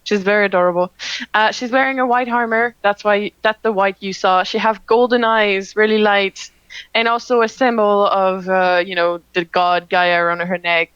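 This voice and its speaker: A woman narrating as game master of a tabletop game, hesitant and full of fillers, slowing down to describe. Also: mid-range voice, fairly even intonation, fairly bright tone, clear, resonant tone, no echo, lo-fi sound. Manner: hesitant with many fillers and restarts, slow when describing.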